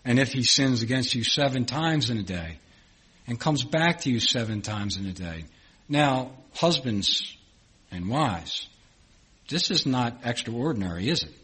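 Husky middle-aged guy preaching, earnest, repeats himself, gets louder on the big lines. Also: mid-range voice, animated, unhurried. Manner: earnest preaching, swelling louder on key phrases with repetition and restarts. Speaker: pastor. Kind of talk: sermon.

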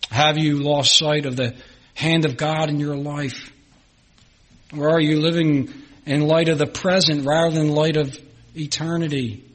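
A man preaching a sermon in a husky, breathy voice that sits a touch higher than most men's. He reads scripture with earnest swells of pitch and volume, then sinks quiet and low. The delivery is steady and pastoral.

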